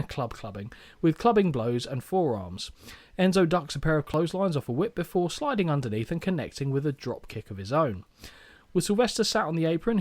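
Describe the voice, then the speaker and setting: Lively young man joking through a recap. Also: fairly high pitch. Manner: joking, playful match recap. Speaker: podcast co-host. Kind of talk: casual chat reading a match recap.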